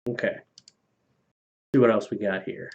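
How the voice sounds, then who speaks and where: A man in a relaxed live-stream chat, reading viewer donations aloud. His talk is loose and profane, and he laughs at his own jokes. The stream audio is a little dull and lo-fi. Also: lowish voice, moderate pace, gravelly.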